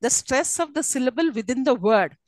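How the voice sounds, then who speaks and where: Woman, English lecturer, classroom lecture, higher voice, dry close sound. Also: animated, fairly quick, no room sound, rough recording. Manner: teacherly, checks understanding often.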